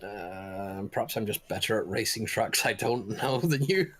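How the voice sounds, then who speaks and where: A man's voice: lowish voice, normal speed, a bit bright. A man racing alongside friends in a game stream, trading dry, playful banter. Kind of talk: casual gaming chat.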